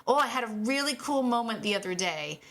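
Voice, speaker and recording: This middle-aged podcast host and dog trainer talks on her own show in a bright, clear voice that sits on the high side and moves fairly quickly. Animated and relaxed, she keeps laughing and playing out what dogs might think.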